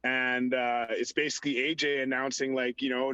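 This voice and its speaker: A man's voice: mid-range voice, steady tone, fairly quick, few pauses, pushed and bright, no room sound. A young man and former hockey player, a podcast guest, telling a story in casual interview chat, rambling and saying "like" constantly. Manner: rambling, heavy use of "like". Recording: dull lo-fi audio.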